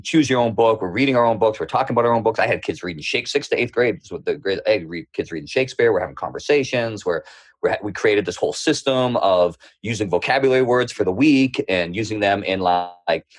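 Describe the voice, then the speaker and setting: A man with a thick Boston accent speaks in a low, husky voice as a guest on an interview show. He tells his stories in a lively way and slips into other people's voices along the way. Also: quick pace. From Boston area. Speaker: podcast guest. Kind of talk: storytelling interview.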